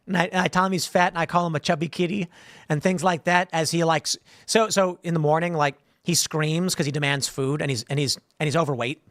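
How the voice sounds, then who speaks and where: A man's voice: a little high, brisk, fairly bright tone, no echo, studio quality. A man hosting a livestream show, rambling through viewer comments and joking asides in a casual way. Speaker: host.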